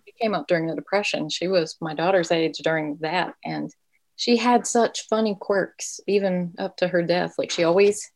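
A woman's voice: on the low side, moderate pace, a little mellow, rough recording. A woman in her forties, an author speaking as a podcast guest, thoughtful and self-deprecating. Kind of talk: podcast interview.

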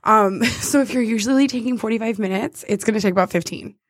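A chatty young woman talking casually and laughing often, her voice sitting a little high. The sound is dry and close, with no room around it. She rambles and restarts her sentences as she goes. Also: fast talker, no echo. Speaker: co-host. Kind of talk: casual chat.

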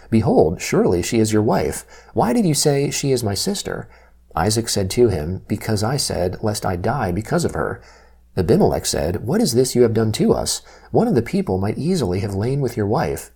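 A man reads scripture in a measured, steady way, his slightly low voice mellow and warm. A soft husky grain runs through it.

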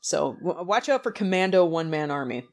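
A woman's voice: deep voice, big pitch swings, fairly quick. A woman co-hosting a podcast in casual chat, enthusiastic and laughing often. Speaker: podcast co-host.

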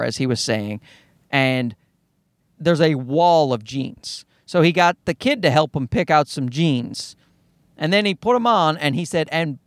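A man hosting a podcast in a casual, rambling monologue, sarcastic and quick to swear. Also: a little high, dry recording, studio quality. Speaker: podcast host.

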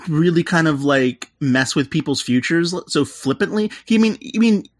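A man's voice: fairly high pitch, expressive, moderate pace, dry recording, clean studio sound. A man co-hosting a casual podcast, retelling movie scenes in a rambling way and acting out the characters' lines as he goes. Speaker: podcast co-host. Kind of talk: casual chat recapping a film.

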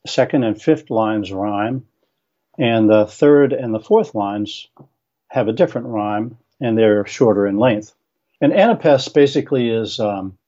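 An older retired teacher, a man, answering interview questions and reading his own verse and notes aloud in a measured, explaining way with some hesitations. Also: mid-range voice, warm tone, lo-fi sound. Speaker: guest author, retired teacher.

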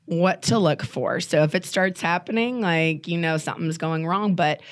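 A young woman speaks in a loose, chatty way, filling her talk with "you know" and "like." Her voice sits a little low for a woman. She is a guest on a candid podcast interview. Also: moderate pace. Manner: casual, chatty, many fillers like "you know". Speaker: guest, program alumna.

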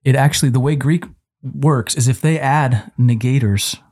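On a Christian parenting podcast, a male co-host with a darkish mid-range tone walks through Bible passages at a moderate pace, teaching conversationally and quoting scripture. He restarts frequently, and the studio-quality sound has no room sound.

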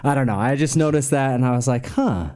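A man in a casual film discussion podcast, halting and self-correcting, chuckling as he goes. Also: mid-range voice, fairly even intonation, a little mellow.

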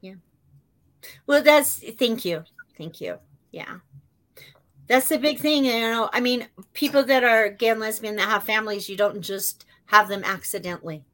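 Bright fifty-something woman guest, chatty and warm. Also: fairly high pitch, normal speed. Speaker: podcast guest. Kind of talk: casual interview conversation.

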